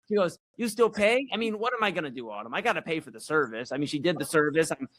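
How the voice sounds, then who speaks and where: A young man co-hosting a comedy chat show, telling a story in a rambling, animated, self-mocking way. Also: on the high side, quick pace. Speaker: co-host.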